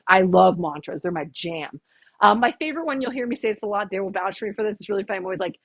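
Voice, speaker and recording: A woman's voice: mid-range voice, expressive, quick pace, husky, no room sound. A woman chiropractor leading a live stress workshop, chatty and upbeat, counting the group through breathing. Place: small room with a live audience.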